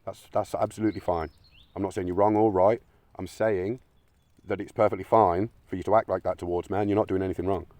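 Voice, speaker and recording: A man rants bluntly in a deep, low voice and swears freely as he argues his point. The sound is dry and close, with no room echo. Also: fairly even intonation, fast, warm tone. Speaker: channel host. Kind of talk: opinionated monologue.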